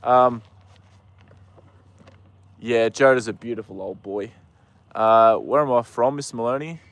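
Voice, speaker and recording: A man's voice: medium pitch, fairly even intonation, measured pace, no room sound. A young Australian man chatting casually on a live stream outdoors, rambling with lots of ums and uhs. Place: outdoors with a horse.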